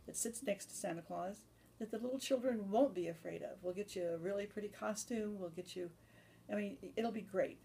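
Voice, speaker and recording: A bossy yet kindly witch with a green face, as a woman telling a story puts her on. She talks briskly in a mid-range voice, rambling and restarting as she goes. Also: mid-range voice, gravelly, dark tone, slight background noise, close to an everyday voice. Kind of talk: told storytelling.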